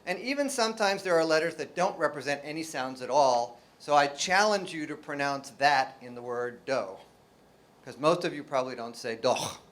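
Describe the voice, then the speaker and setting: A man's voice: on the high side, moderate pace, a bit bright. A man from New Jersey with an American accent, a linguistics professor giving a joking academic lecture to a live audience, full of rhetorical questions and sounding out example words.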